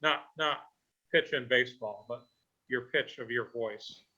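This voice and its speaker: A man's voice: medium pitch, measured pace, bright, forceful tone, breathy edge, rough recording. A man giving a grammar report at an online meeting, explaining word usage with examples over a video call.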